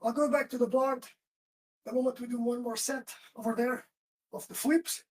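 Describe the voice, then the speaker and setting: High-voiced woman coaching from a distance. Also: fairly even intonation, moderate pace. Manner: short instructional commands while demonstrating moves. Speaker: self-defense instructor. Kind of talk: live demonstration class. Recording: roomy echo from far off.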